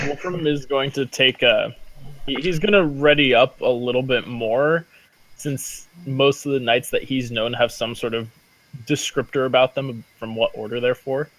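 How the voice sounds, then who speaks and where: A man's voice: medium pitch, fairly even intonation, unhurried, fairly bright tone, no echo, low-quality recording. A man playing a tabletop game, asking tentative questions in casual talk. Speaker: player.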